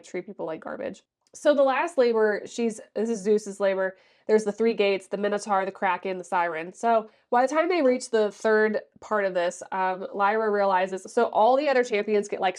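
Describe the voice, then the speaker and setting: A woman's voice: mid-range voice, moderate pace, a little mellow. Brief: woman vlogger, sassy and exasperated, casual book-review recap, acts out characters' lines.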